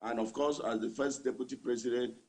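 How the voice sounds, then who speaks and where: A man's voice: mid-range voice, fairly even intonation, brisk, darkish tone. A man with a Nigerian accent, a labour union leader answering a news interviewer by remote line, repeating his points for emphasis.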